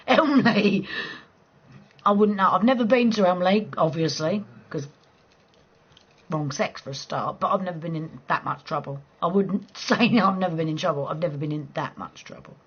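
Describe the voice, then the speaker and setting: A woman from southeast England with a local accent, chatting casually with viewers on a late-night live stream from home, blunt and quick to laugh. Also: on the low side, breathy edge, lo-fi sound. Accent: southeast English. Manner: chatty, blunt, swears freely, laughs easily.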